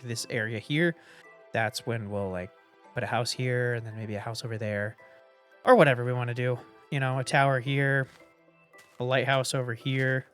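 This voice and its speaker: A man's voice: medium pitch, fairly bright tone. Man casually rambling over gameplay. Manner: rambling, thinks aloud while building, hums doop sounds. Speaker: gameplay commentator.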